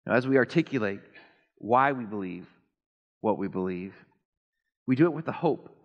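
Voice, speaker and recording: Guy pastor giving a sermon, animated, self-deprecating, goes quiet then loud, long church reverb. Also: fairly low pitch, normal speed, muffled recording. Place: church sanctuary.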